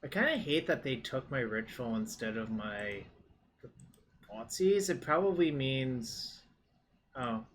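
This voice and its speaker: A man's voice: medium pitch, sing-song, slow pace, a little hiss or hum. A man commentating his own card game match in a casual way, thinking aloud and swearing now and then.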